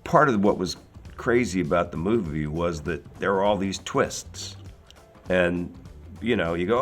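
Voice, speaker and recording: A man's voice: deep voice, unhurried, faint music behind. A man in his sixties from Philadelphia, an actor telling casual, rambling anecdotes with many fillers and laughs. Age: 60s. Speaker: actor guest.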